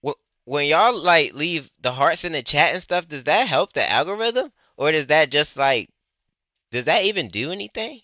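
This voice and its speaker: A young man reacting on a live stream, rambling and speaking straight to his chat. His voice is very bright and forward. It comes through a dull, dry, close mic. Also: a little high, very animated, moderate pace, dry recording. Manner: loose and rambling, talks to chat.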